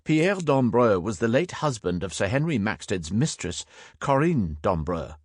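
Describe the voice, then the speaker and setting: A man reading a historical thriller audiobook in a measured, even storytelling voice. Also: lowish voice, dry recording, studio quality. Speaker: audiobook narrator. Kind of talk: scripted audiobook narration.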